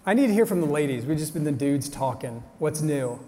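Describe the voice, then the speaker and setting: A man's voice: fairly high pitch, lively intonation, brisk, warm tone, a little hiss or hum. A young adult man giving an upbeat, joking motivational talk to a live audience, talking straight to the crowd. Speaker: motivational speaker. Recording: long hall reverb.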